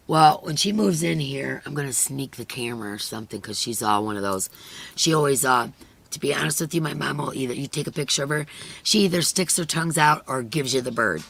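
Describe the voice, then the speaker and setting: A middle-aged woman chats casually with viewers on a crochet live stream. Her voice is hoarse and husky, with a gravelly edge under a bright tone. She talks earnestly and emotionally, filling her sentences with "you know.". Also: very deep voice, brisk. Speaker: crochet channel host.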